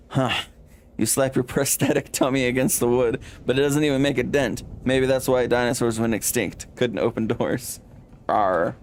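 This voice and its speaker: A man's voice: mid-range voice, fairly even intonation, normal speed, a little mellow, slight background noise. A man streaming a game, reading its text aloud with dramatic flair and playful asides.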